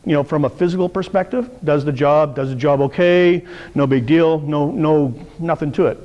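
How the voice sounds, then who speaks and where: A man's voice: on the high side, moderate pace, big-room sound, muffled recording. A middle-aged man teaching a live sales workshop, telling stories and acting out the voices of the people in them. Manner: storytelling, acts out quoted voices. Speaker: sales coach.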